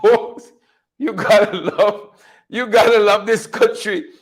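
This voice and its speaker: A man's voice: high voice, moderate pace. A man hosting an unscripted political commentary show, mocking his subjects, laughing often and repeating phrases for effect. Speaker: show host.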